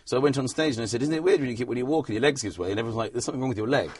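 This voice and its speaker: A man's voice: medium pitch, very fast, darkish tone, a little hiss or hum. A comedian in a casual interview, rambling and self-deprecating, laughing often at his own stories. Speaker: comedian guest.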